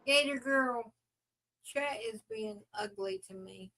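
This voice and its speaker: A woman with a fairly high voice chats slowly and casually on a livestream from home. She jokes easily and laughs often. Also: sing-song, vocal fry, bright, forceful tone, poor audio. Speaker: livestream co-host. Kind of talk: casual chat. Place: indoors at home.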